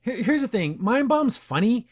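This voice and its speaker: A man's voice: very high voice, very animated, moderate pace, breathy edge. A young man hosting a podcast, recapping a cartoon episode in a chatty, enthusiastic way and acting out the characters' lines. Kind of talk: casual recap commentary.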